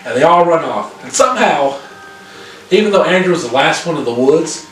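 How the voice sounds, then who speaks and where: A man casually recapping a horror film's plot, profane and animated, with lots of fillers. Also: on the high side, brisk, a little hiss or hum. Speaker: podcast co-host reviewing a horror film. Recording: very echoey room, far from mic, music behind.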